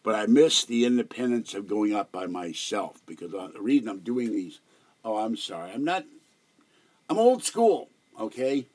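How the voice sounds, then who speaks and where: A man's voice: fairly low pitch, moderate pace. An older man chatting casually at home on a livestream, telling rambling, digressive stories. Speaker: livestream host.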